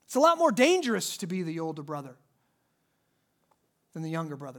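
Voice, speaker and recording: A preacher giving a sermon in church, animated and emphatic, rising and dropping in pitch and loudness to stress points. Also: brisk, pauses often.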